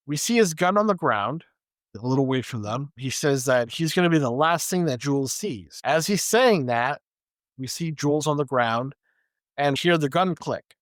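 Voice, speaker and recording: In a fairly high-pitched voice, a male podcast co-host walks through a movie's plot scene by scene in a casual recap, quoting the characters' lines. The sound is dry and clean, studio quality.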